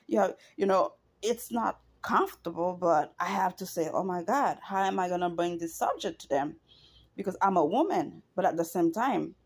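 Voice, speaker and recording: Middle-aged woman ranting from the heart on her vlog, earnest, average pitch, says things twice. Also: vocal fry, darkish tone, breathy edge. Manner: passionate, earnest, repeats herself for emphasis. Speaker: vlogger. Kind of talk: emotional personal monologue.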